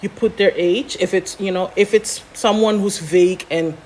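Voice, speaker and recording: A woman scriptwriter explaining how to write a script in a relaxed, chatty way, often pausing on "um" and "you know". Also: mid-range voice. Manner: chatty, many fillers, explains step by step. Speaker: scriptwriter guest. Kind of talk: explaining scriptwriting in a casual chat.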